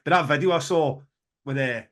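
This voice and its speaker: A man in casual podcast chat, talking about music with eager, rambling enthusiasm and plenty of restarts. His voice sits on the higher side for a man. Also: normal speed. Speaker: podcast co-host, festival promoter.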